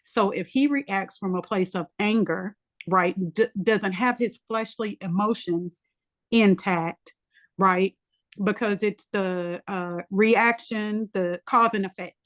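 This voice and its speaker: A married woman with children in a Bible study group, telling animated, colloquial stories in a casual discussion. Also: mid-range voice, takes it slowly.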